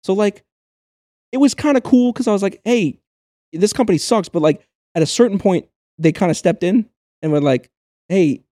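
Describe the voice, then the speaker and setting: A young man co-hosting a podcast, telling a work story in casual chat, animated and swearing freely. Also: sits high, moderate pace, long pauses, no echo, clean studio sound. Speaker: podcast co-host.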